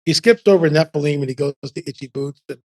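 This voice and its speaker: A man in his seventies, a podcast guest telling casual stories in an animated, rambling way full of restarts. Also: a little high, quick pace. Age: 70s. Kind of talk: casual storytelling.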